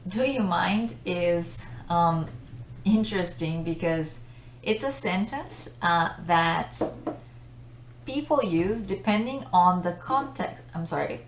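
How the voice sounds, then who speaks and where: A woman's voice: medium pitch, background noise. A woman teaching an English lesson in a chatty way, laughing often between explanations. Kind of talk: casual video lesson. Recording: echoey room.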